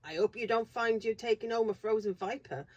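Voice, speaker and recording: A woman reading aloud, voicing a gruff, suspicious middle-aged station master in a storybook. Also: a little high, fairly quick, muffled recording, voice pushed up, lightly acted. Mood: curious. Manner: blunt, doubtful.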